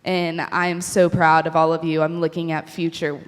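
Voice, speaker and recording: Woman, graduation speech, heartfelt, pausing, somewhat low voice, long hall reverb. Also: little pitch movement, smooth. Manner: heartfelt, pausing, laughing between thanks. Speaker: graduating student giving a speech.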